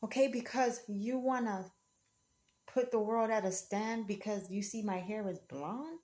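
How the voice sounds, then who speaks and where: A woman's voice: mid-range voice, measured pace, darkish tone. A woman speaking in an emotional, rambling monologue, defiant and often repeating herself.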